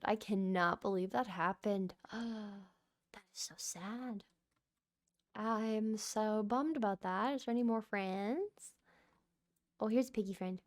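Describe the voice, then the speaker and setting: Slow-talking young woman narrating gameplay. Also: a little high. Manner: chatty, easily surprised, coos at animals. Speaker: gaming channel host. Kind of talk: relaxed gameplay commentary. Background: soft background music.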